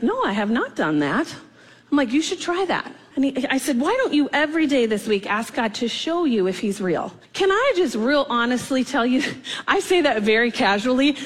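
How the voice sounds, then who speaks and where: A woman who leads chapel at a kids' camp, telling a faith story in an animated way and laughing often. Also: high voice.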